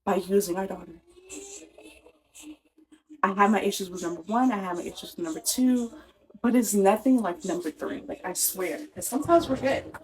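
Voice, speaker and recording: A young woman vents about her week, frustrated and talking it through out loud. She keeps restarting her sentences and leans on "like" as she goes, all in a loose, everyday storytelling way. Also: mid-range voice, normal speed, pauses often, a little hiss or hum, rough recording. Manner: exasperated, talks in restarts with lots of "like". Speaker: vlogger telling a personal story. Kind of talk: casual storytelling rant.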